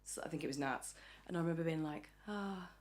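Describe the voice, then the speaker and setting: A woman's voice: low-pitched, fairly even intonation, racing, a little mellow. An English woman in a casual podcast interview, chatty and acting out the voices of people she quotes. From England. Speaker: podcast guest. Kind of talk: casual chat.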